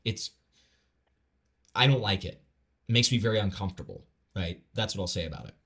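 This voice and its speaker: A man reacting live on stream in a casual, rambling way. His voice sits a little low, and he stammers through restarts and fillers. He talks bluntly and swears freely. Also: animated, a little fast, fairly bright tone. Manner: blunt and profane.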